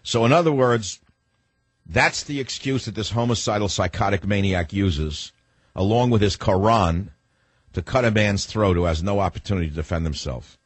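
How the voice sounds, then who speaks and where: A man's voice: on the low side, normal speed, breathy edge, no echo. A male talk radio host delivering a heated, sarcastic monologue.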